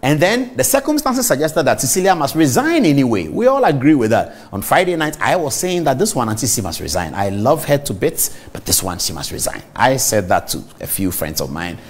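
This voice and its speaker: A man's voice: medium pitch, a little fast, few pauses. A middle-aged man with a Ghanaian accent, hosting a TV talk show and delivering an emphatic commentary monologue straight to viewers. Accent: Ghanaian English. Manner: emphatic, animated, addresses viewers directly.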